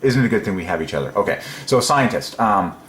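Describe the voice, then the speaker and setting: Deep-voiced man musing in an echoey room. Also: expressive, quick pace, fairly bright tone, slight background noise. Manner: rambling and musing, many ums, chuckles to himself. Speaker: religious video presenter. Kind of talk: casual solo preaching monologue.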